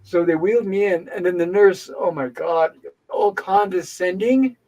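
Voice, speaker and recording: A man hosting a livestream, telling a story in a casual, animated and indignant way. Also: high voice, moderate pace, lo-fi sound. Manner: animated, indignant venting with acted-out dialogue. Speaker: livestream host. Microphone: home livestream setup.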